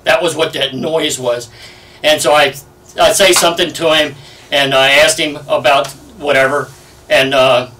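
A man in his seventies telling stories in an oral history interview, lively and full of fillers. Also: a little high, a little slow, slight background noise. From United States. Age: 70s. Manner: lively anecdotal storyteller, many fillers. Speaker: Navy veteran interviewee. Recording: distant from the mic.

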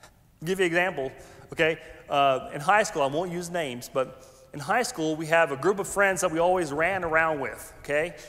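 A man, a pastor preaching a conversational, animated sermon with folksy asides. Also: a little high, normal speed. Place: large church sanctuary. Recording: long hall reverb.

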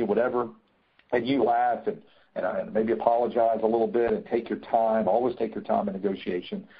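A man's voice: lowish voice, steady tone, a little fast, husky. A man teaching negotiation in a webinar, emphatic, repeating his key points, with many fillers. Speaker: negotiation trainer. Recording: tinny phone-like line.

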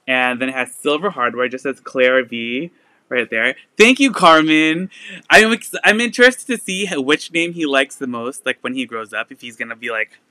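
A young man hosting a casual live sale stream, chatting loosely with lots of fillers and quick laughs. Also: mid-range voice, pushed and bright, dry recording.

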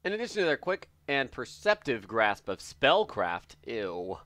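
A man streaming a game who thinks aloud and jokes as he goes. His pitch jumps around a lot and his voice is bright. The sound is dry and close. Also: unhurried, no room sound. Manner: excitable, joking, thinking aloud. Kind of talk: live gameplay commentary.

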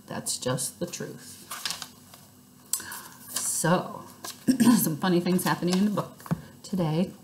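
A woman reading a children's book aloud in lively first-person storytelling. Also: fairly low pitch, slight background noise.

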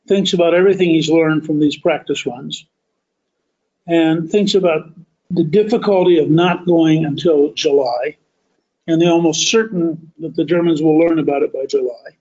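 A man hosting a podcast, telling a history story as a deliberate, emphatic monologue that stretches key words. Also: a little high, a little mellow, highs cut off. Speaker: podcast host.

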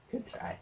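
A man co-hosting a let's play, making dry, laid-back jokes while he plays. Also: background noise. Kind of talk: casual gameplay chat.

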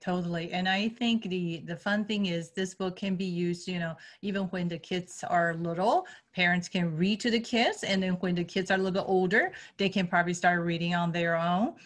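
A woman with a somewhat low voice hosting a conversational interview. She asks open questions and affirms her guest's answers. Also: steady tone, normal speed, hardly any pauses. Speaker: interview host.

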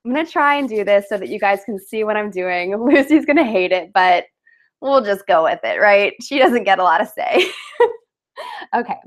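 A woman's voice: medium pitch, expressive, moderate pace. A woman hosting a casual live craft webinar from home on a webcam, chatty and upbeat, with fillers and laughs.

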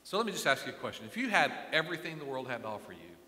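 A middle-aged male pastor preaching a sermon with passion, moving from quiet remarks to loud emphatic lines. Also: mid-range voice, big pitch swings, rapid-fire, a little hiss or hum. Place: church sanctuary. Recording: echoey church hall.

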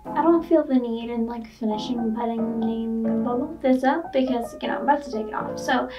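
A woman's voice: fairly high pitch, moderate pace. A young woman vlogger chatting playfully through a clothing try-on haul, full of "like" and "okay?". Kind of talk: casual try-on haul chat. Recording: muffled and distant with background music.

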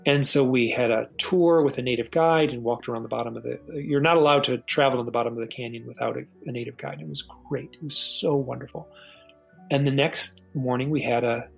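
Gravelly, husky middle-aged man recounting a story. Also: medium pitch, soft background music, low-quality recording. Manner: earnest, halting, repeats words when starting sentences. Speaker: podcast guest. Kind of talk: personal storytelling.

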